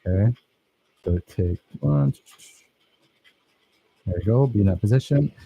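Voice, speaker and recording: A man's voice: on the low side, expressive, a little slow, dark tone, husky, no room sound, poor audio. A man teaching a filmmaking workshop, talking casually and enthusiastically over his own footage and praising his students.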